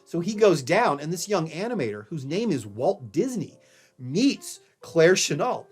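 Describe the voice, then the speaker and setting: A man from Louisiana teaches history in a relaxed, story-driven lecture and checks in with his listeners now and then. His voice sits a little high for a man. Soft music plays faintly underneath. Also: a little slow, slightly rough. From Louisiana, USA. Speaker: history professor. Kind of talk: recorded college lecture.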